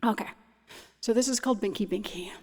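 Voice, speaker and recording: A woman's voice: on the high side, a little fast, darkish tone. A woman in her thirties or forties, from Ontario, hosting a cabaret livestream and chatting casually between songs, rambling and restarting her sentences. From Ontario, Canada. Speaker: cabaret host and singer. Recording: long hall reverb with faint music.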